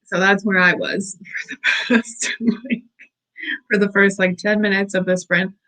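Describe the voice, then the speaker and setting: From her desk at home, a woman hosts a work-along stream, chatting cheerfully and casually with viewers and letting out little squeals of excitement. Her voice is mid-range and unhurried, though the audio quality is poor.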